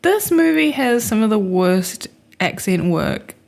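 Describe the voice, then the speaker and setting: A woman's voice: mid-range voice, big pitch swings, unhurried, gravelly, a little mellow. A woman co-hosting a film podcast in casual chat, laughing often as she rants. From Australia. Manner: laughing, mocks accents with put-on voices. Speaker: podcast co-host.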